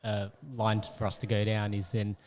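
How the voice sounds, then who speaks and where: A man with a fairly low voice hosts a relaxed interview. He builds his questions haltingly, with plenty of pauses and hesitations along the way. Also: a little hiss or hum. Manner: hesitant questioner, many fillers and restarts. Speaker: podcast host, interviewer. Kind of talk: casual interview conversation.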